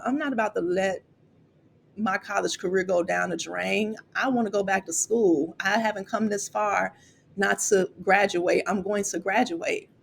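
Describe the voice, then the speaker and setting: Gravelly-voiced woman telling a personal story. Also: medium pitch, slight background noise. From Chicago. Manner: candid, emotional, repeats words when moved. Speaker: college financial aid vlogger.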